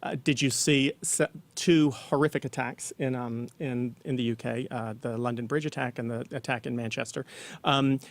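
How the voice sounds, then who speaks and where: A man's voice: mid-range voice, steady tone, normal speed. A man co-hosting a casual weekly news talk show, explaining at length with fillers. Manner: chatty, explanatory, many fillers. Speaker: co-host.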